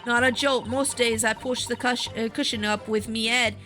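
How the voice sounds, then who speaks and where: A woman voicing a scrappy young street urchin girl in a put-on Cockney accent that slips toward Southern US, talking in cheeky, slangy, rough-grammar speech. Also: on the high side, fairly even intonation, normal speed, bright, forceful tone, soft background music. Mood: defensive. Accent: put-on Cockney, drifting toward Southern US. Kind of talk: reading game dialogue aloud.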